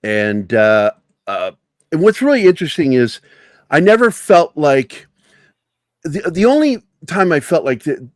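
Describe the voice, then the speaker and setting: A man guesting on a casual talk stream. His pitch swings widely as he rambles, laughs and swears. The sound is dry and close. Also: big pitch swings, unhurried, no room sound. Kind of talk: casual chat.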